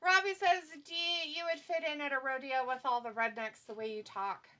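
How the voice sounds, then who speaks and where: A woman's voice: high-pitched, expressive, brisk, a bit bright. A woman co-hosting a live stream, chatting casually, teasing and laughing often while reading viewer comments. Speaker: stream co-host.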